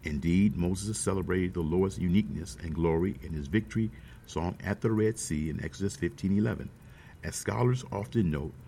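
A man's voice: low-pitched, warm tone, a little hiss or hum. A man preaching a sermon, emphatic, repeating key phrases and speaking to the congregation.

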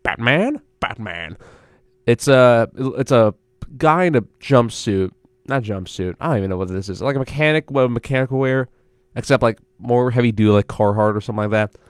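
A man's voice: mid-range voice, a little fast, clean tone, dry recording. A young man hosting a college radio show, chatting alone in a rambling, self-interrupting way into a studio mic. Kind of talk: casual solo radio chat.

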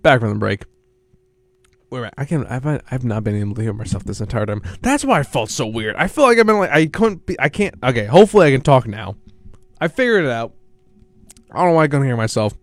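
A young man talks sports on a student radio show. He rambles in animated bursts and keeps correcting himself mid-sentence. The studio mic sounds close and dry, with no room around it. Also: mid-range voice, fast talker, no room sound. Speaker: college radio sports host. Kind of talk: casual solo sports talk.

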